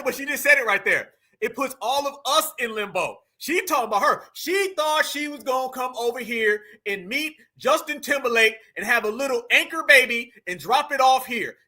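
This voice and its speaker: High, bright-voiced taunting man. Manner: loud, taunting, slangy. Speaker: commentary streamer. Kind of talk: mocking reaction commentary.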